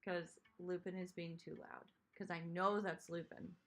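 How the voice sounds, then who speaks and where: A woman's voice: fairly low pitch, flat delivery, a little slow, a bit bright. A woman hosting a live stream, chatting casually and rambling as she answers comments from chat. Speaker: streamer host.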